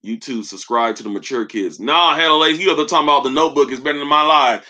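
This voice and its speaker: A young man hosts a casual sneaker live stream, reading comments and roasting viewers with loose, slangy jokes. His voice sits a little high and sounds bright and forward. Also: fast talker.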